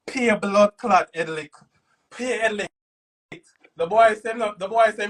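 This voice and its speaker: A man with a Jamaican accent ranting loudly on a live stream, cursing and repeating himself. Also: sits high, unhurried, long pauses, recorded from a distance. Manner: loud, cursing, repetitive. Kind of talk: heated live-stream rant.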